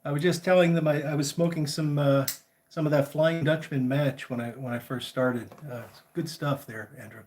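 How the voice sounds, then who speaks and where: A man's voice: on the high side, moderate pace. A man chatty livestream host. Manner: chatty, greets viewers by name, relaxed and friendly. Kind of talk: casual live chat.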